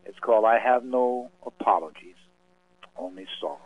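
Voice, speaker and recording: A man giving a solemn, measured spoken-word appeal and reading, with dramatic pauses, as a guest on a radio show. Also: lowish voice, breathy edge, no echo. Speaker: radio guest speaking for a cause. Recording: tinny phone line.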